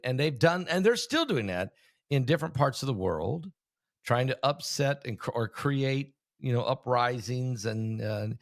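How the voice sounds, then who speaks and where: A male preacher hosts a casual talk show in a chatty, halting manner, full of fillers. His voice sits at a middle pitch. The sound is dry and close. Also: no echo. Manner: chatty, hesitant, many fillers. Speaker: host, preacher.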